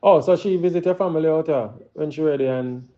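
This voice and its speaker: Jamaican man hosting a live chat. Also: a little high. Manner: plain-spoken, quick follow-up questions. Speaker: host. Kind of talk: casual live-stream chat. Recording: dull lo-fi call audio.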